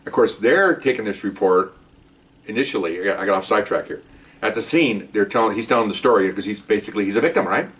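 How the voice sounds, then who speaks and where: An older man, a retired police supervisor, telling a cop story in a casual monologue and loudly acting out his own past lines. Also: fairly low pitch, fast talker, recorded from a distance. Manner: animated, acts out his own yelling in quoted lines.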